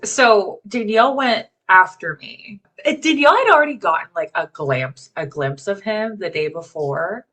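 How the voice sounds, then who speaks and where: A woman's voice: medium pitch, lively intonation, moderate pace, hardly any pauses, fairly bright tone. A woman co-hosting a podcast, chatting casually and earnestly. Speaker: podcast co-host. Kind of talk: casual chat.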